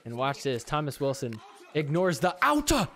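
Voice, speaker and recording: A man hosting a podcast, giving chatty, wisecracking commentary over match footage and getting excited on big plays. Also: on the high side, normal speed, a little hiss or hum. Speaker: podcast host.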